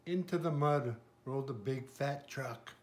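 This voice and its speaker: Slow, gentle older man reading a picture book. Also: medium pitch. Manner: gentle, pauses to point out pictures. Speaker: grandfather reading to a child.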